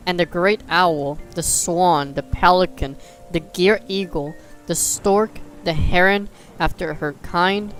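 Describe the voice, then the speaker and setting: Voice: medium pitch, fairly bright tone. A livestreamer reading scripture aloud in a casual way, tripping over old words and restarting. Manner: breaks off into joking asides.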